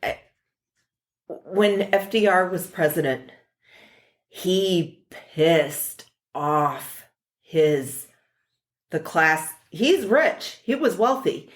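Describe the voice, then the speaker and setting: Slow-talking, chatty female podcast host. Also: on the low side, lively intonation. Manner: unhurried, chatty, laughs often. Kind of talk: casual chat.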